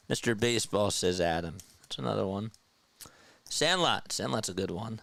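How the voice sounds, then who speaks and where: A young man doing casual play-by-play of a live baseball game and chatting with his viewers between pitches. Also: normal speed, gravelly, no room sound. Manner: gets loud and high when excited. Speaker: fan play-by-play streamer.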